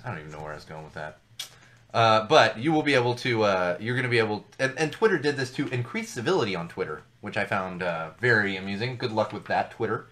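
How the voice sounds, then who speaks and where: A man's voice: fairly low pitch, lively intonation, quick pace, fairly bright tone, slight background noise. A man in his thirties hosting a casual live-streamed show, rambling through news with jokey asides and repeating himself for emphasis. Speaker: podcast host. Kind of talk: casual solo commentary on news.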